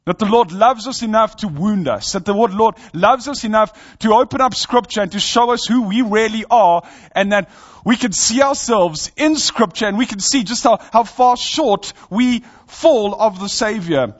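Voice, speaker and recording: A man's voice: sits high, animated, normal speed, dull audio. A man in his thirties, a pastor giving an earnest, conversational sermon and telling a family story. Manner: earnest, conversational preaching with personal stories.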